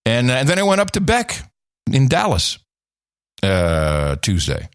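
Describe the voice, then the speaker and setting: A middle-aged man co-hosting a podcast, telling stories in lively casual chat with many restarts. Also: medium pitch, a little slow, clean tone, no echo, studio quality. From Netherlands. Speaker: podcast co-host.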